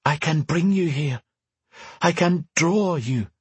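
A man voicing a mystic woman who speaks into another's mind, pleading and hurried. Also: fairly high pitch, slightly rough, no room sound, voice pushed up, full character voice.

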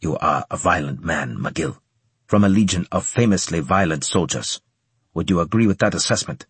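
A man's voice: sits low, expressive, husky, no room sound, exaggerated voice. A man doing a stern officer with a slight Japanese accent. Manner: measured, grave, probing. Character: stern, humorless male senior officer.

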